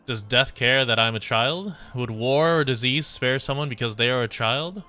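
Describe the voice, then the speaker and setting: A man voicing a quiet, intense young girl fighter, reading her lines in a calm, questioning way. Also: medium pitch, normal speed, faint music behind, natural voice. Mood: earnest.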